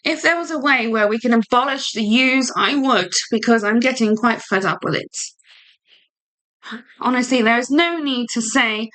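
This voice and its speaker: A woman's voice: fairly high pitch, moderate pace, a bit bright. A British woman hosting a casual livestream, chatty and rambling with a giggle and lots of fillers. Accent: British English. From United Kingdom. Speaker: livestream host.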